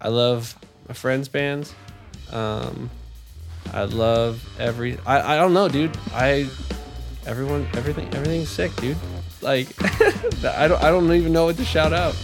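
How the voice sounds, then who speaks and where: Animated swearing young guy telling a story. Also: medium pitch, unhurried, faint music behind. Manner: animated storytelling, heavy swearing and filler words. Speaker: podcast guest. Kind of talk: casual chat.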